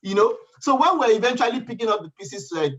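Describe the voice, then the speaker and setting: A man's voice: very high voice, fast talker, slightly rough. A man telling a personal story in a casual panel chat, acting out what others said. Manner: animated storytelling, acts out quoted voices. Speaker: panel guest. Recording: dull lo-fi sound.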